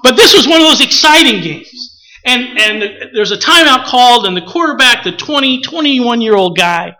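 A man from the preaching a relaxed, conversational sermon, often pausing with filler words and acting out little stories. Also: extremely high pitch, rough recording. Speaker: pastor.

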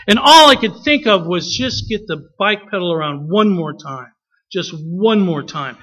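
Male pastor, high voice, lively sermon with humorous asides. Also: low-quality recording. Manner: animated storytelling, acts out quotes, humorous asides.

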